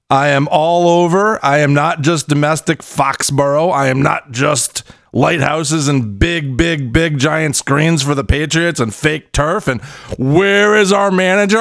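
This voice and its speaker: A man's voice: on the high side, vocal fry, no echo, studio quality. Sarcastic male soccer podcast host. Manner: sarcastic, swinging between shouting and muttering. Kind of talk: comedic sports podcast rant.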